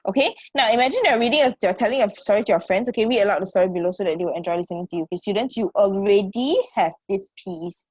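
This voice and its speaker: Racing along with hardly any pauses, this woman speaks at medium pitch in a darkish, husky tone, recorded with no echo. A Singaporean-accented online English teacher on a computer mic, she encourages her students, calls them sweetheart, and keeps checking in with "okay" and "right?".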